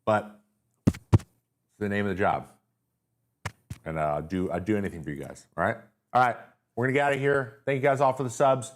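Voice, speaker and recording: A man's voice: fairly low pitch, brisk, long pauses. A male host answering viewer questions in a loose, jokey, rambling way, sounding tired with his voice wearing out. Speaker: show host. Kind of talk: casual live-stream Q&A.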